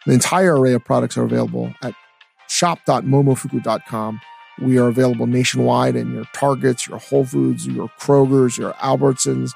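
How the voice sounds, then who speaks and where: A man co-hosting a podcast in casual, rambling chat, swearing freely and reading product plugs at a quick clip. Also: mid-range voice, steady tone, creaky, darkish tone, husky, faint music behind. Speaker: podcast co-host.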